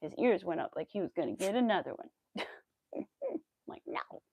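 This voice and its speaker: Young woman chatting on a crochet stream, a bit gravelly, counting stitches under her breath, dry close sound. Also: fairly low pitch, very animated, moderate pace, darkish tone, no room sound. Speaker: crochet livestreamer. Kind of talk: casual chat while crocheting on stream. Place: home. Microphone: clip-on mic.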